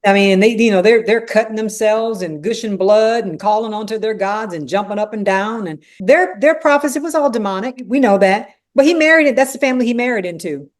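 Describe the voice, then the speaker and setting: A woman leading a conversational Bible study, animated and acting out the dialogue, with frequent "you know" asides. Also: mid-range voice, a little fast, hardly any pauses.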